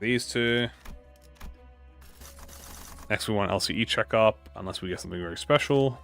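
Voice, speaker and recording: A young man giving casual let's-play commentary, excitable and slangy, swearing freely as he thinks out loud. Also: lowish voice, normal speed, gravelly. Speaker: gaming YouTuber. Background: faint game music.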